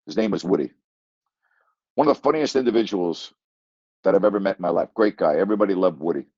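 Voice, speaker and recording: A man's voice: deep voice, lively intonation, quick pace, darkish tone, husky, dry recording. An older man, a sports broadcaster, telling a story in a rambling way, repeating phrases and chuckling mid-sentence. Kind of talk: casual storytelling monologue. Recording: dull lo-fi, dry sound.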